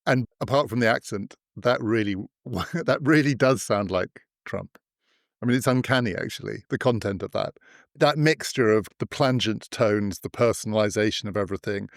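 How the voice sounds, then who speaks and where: A man hosting a podcast, setting up measured, probing questions for his guest. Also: fairly low pitch, gravelly, no echo, clean studio sound. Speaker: podcast host. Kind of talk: interviewing.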